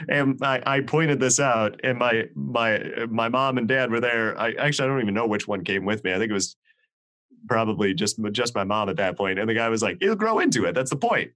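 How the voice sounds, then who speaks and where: A man's voice: lowish voice, brisk. A man in his thirties, a podcast producer, telling a story in a casual video-call chat and acting out the people in it. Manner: animated, acts out the people in his stories. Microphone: video call mic.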